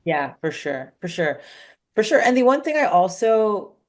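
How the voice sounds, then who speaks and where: A woman's voice: medium pitch, normal speed. A woman entrepreneur talking candidly in a casual interview, full of "like" and "you know". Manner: candid, animated, many fillers like "like" and "you know". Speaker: entrepreneur guest.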